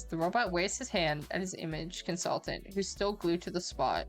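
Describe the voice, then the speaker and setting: A woman streamer reads a story aloud in a fairly low voice, with casual, joking asides. Faint music plays behind her. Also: normal speed, hardly any pauses. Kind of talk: reading an interactive story on stream.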